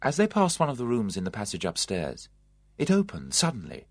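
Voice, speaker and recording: An audiobook narrator reading a story in an expressive storytelling manner. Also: mid-range voice, fairly quick, dry recording, studio quality.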